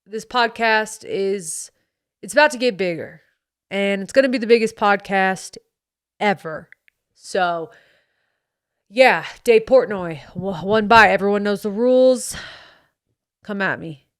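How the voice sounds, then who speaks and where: A boastful young bro dad influencer, played by a woman, who swaggers through his slang with a faint southern twang. The voice is smooth and clean at a middling pitch. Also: animated, moderate pace, pauses often, fairly bright tone, no room sound, clean studio sound. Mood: braggy. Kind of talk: comedic character monologue.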